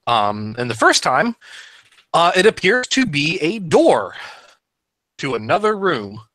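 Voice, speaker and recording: A man running a tabletop game as game master, pausing often with fillers. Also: a little high, very animated, fairly bright tone, no echo. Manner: halting, many fillers. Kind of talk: narrating a tabletop game over voice chat.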